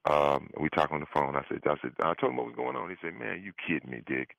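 Deep raspy guy on a tinny phone line, talks fast, keeps saying "i said". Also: very animated, fairly bright tone, no echo. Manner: repeats "I said" often, voice jumps high for quoted lines. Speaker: former player telling a story on a radio show. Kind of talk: animated storytelling, acting out both sides of phone calls.

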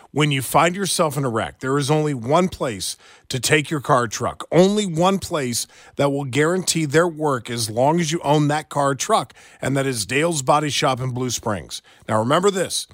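A man's voice: fairly high pitch, fairly bright tone, no room sound, studio quality. A man hosting a talk radio show, blunt and indignant, who also reads ads live. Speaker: radio host.

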